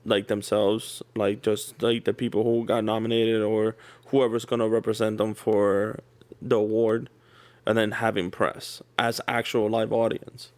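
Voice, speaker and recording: A man's voice: lowish voice, completely flat delivery, darkish tone. A young man, a college student, co-hosting a gaming podcast in easygoing casual chat. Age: young adult. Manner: agreeable, lots of quick yeahs. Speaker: podcast co-host.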